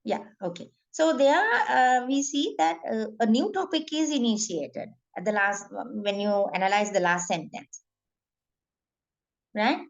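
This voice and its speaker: A woman teaching an online class, pausing often with fillers and asking "right?" to check understanding. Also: a little high, creaky, lo-fi sound. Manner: frequent fillers and checking questions. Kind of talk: online lecture.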